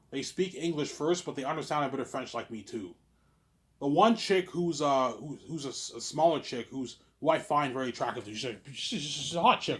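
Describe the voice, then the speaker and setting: A man's voice: on the high side, a little mellow. A man from Quebec rambling through a casual livestream monologue, stumbling over restarts and tacking on the same filler word again and again. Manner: repetitive, stammering restarts, keeps saying "obviously". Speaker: livestream host reading viewer questions.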